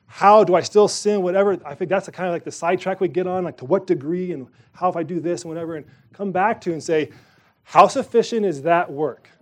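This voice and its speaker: A man's voice: sits high, fast, few pauses, darkish tone. A man preaching a sermon in a casual, conversational way, with emphatic rises in his voice. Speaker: pastor.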